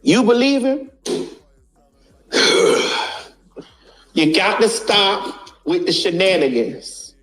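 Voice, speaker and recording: A woman's voice: medium pitch, very animated, drawn-out words, long pauses, soft background music. A woman giving a blunt, casual commentary, preaching her point and repeating lines for emphasis, swearing freely.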